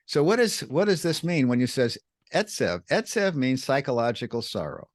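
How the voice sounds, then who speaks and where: A man co-hosting a podcast, teaching in an animated, emphatic way, repeating words and jumping up in pitch to stress points. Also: normal speed, dry recording, clean studio sound. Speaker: podcast co-host teaching scripture. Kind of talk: animated explanatory teaching chat.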